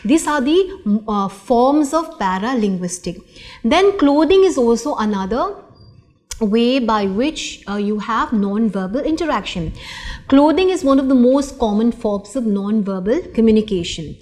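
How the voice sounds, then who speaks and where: Slow, hesitant woman lecturer. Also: fairly high pitch, animated, a little mellow. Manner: slow and deliberate, with many fillers and restarts. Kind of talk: recorded lecture.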